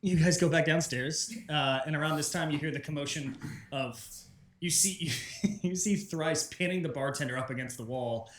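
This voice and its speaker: Man, game master, slightly high voice, loose laughing narration, echoey room, table chatter. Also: moderate pace, a bit bright.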